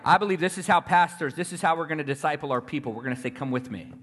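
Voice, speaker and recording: A man's voice: on the high side, rapid-fire, fairly bright tone. A man preaching a fervent sermon, telling stories and calling to the crowd for responses.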